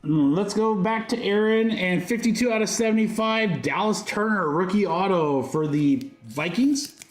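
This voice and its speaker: A high-voiced man gives live card-break commentary in an upbeat, joking patter. His voice rings in a roomy, echoing space. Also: lively intonation, normal speed, soft background music. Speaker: host of a card-break livestream. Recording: roomy echo.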